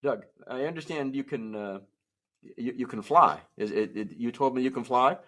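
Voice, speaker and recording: A man's voice: medium pitch, normal speed, a bit bright. A man performing as a musical ventriloquist, patiently explaining things to young audiences between puppet bits. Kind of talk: ventriloquist show patter.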